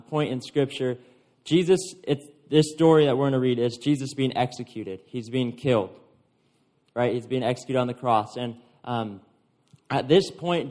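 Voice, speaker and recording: A man's voice: mid-range voice, a little mellow. A man preaching a sermon to a congregation, reading scripture and retelling it in conversational everyday words.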